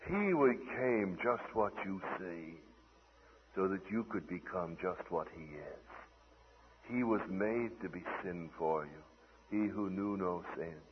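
A man preaching a sermon, swinging between loud declaiming and hushed, tender asides, heard on an old lo-fi radio broadcast. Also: low-pitched, expressive, slow, big-room sound.

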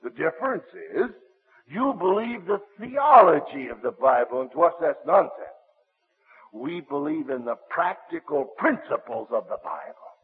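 A man's voice: on the high side, very animated, a little slow, breathy edge, exaggerated voice. A preacher putting on a huge, scornful communist man. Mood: lecturing. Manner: forceful, lecturing, rising to shouts. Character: towering scornful male communist organizer. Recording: tinny old radio broadcast.

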